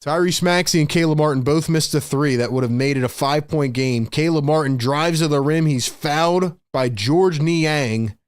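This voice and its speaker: A man hosting a fan livestream, calling play-by-play in excitable, frustrated, slangy talk. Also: a little high, normal speed, hardly any pauses, clear, resonant tone, no room sound, studio quality. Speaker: host and play-by-play commentator.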